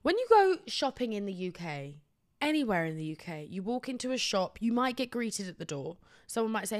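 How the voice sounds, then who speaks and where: A woman's voice: mid-range voice, expressive, a little fast. A British woman hosting a podcast, telling a comic story in a blunt, sweary, self-deprecating way. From Britain. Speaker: podcast host.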